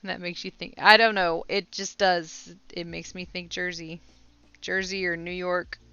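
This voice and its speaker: Woman livestreamer, chatty, unhurried, smooth crisp voice, dry dull lo-fi sound. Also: on the low side, flat delivery, sharp tone, dry recording. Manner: chatty, laughs often. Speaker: crochet livestreamer. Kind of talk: casual live chat with viewers.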